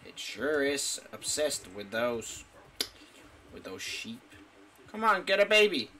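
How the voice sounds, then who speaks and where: An excitable man chatting over a game at a desk mic. His pitch leaps all over the place while his pace stays slow and drawn out. The tone is bright and forward. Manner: excitable, talks to his pet, squeals when delighted. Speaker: gaming YouTuber. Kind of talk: casual let's-play commentary. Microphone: desktop mic.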